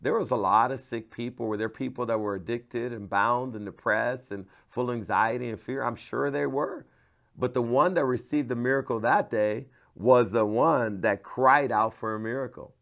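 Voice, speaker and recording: A man, a pastor, giving a devotional sermon to camera, moving from hushed, earnest talk to loud, pleading cries. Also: mid-range voice, normal speed, gravelly. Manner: passionate, swings from hushed to loud cries when quoting.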